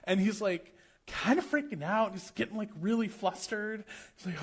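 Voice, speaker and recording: A young American man telling a travel story in a casual vlog, animated and laughing often as he acts out the people he met. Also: high voice, a little fast, slightly rough. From United States.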